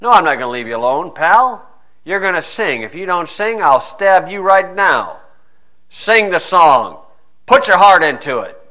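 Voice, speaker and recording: A man's voice: sits high, big pitch swings, a little slow, pushed and bright, pitched above the performer's own voice, heavily acted. A man voicing a mocking, threatening soldier who taunts a captive in a sermon. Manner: taunting, menacing.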